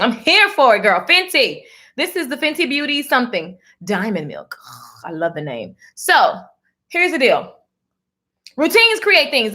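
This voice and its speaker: A woman's voice: fairly high pitch, a bit bright. A woman hosting a motivational live stream, talking animatedly and in a preachy tone, calling her viewers darling. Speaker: livestream host.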